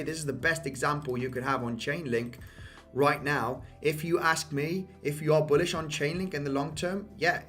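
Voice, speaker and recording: A man's voice: mid-range voice, a bit bright. Man giving casual crypto chart talk. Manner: repetitive, addresses viewers as guys, frequent "okay?" and "you know". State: losing his voice, coughing. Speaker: crypto market analyst. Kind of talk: casual chart analysis commentary.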